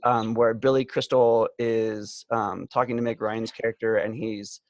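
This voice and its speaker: A man's voice: on the low side, little pitch movement, unhurried, dry recording. A man co-hosting a casual podcast chat, rambling and hesitant, with lots of "um"s. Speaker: podcast co-host.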